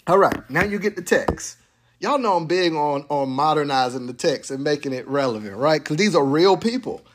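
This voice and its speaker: Male pastor, high voice, lively, slangy, playful sermon delivery to a live church crowd. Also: normal speed. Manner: animated, playful preaching with slang and laughter. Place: church sanctuary with congregation.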